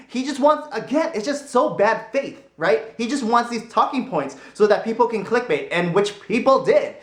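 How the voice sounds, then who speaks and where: Guy rambling on his vlog, kinda high voice, laughs a lot, echoey room. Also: normal speed, few pauses. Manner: rambling, animated, laughs easily. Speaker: vlogger. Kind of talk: casual opinion vlog.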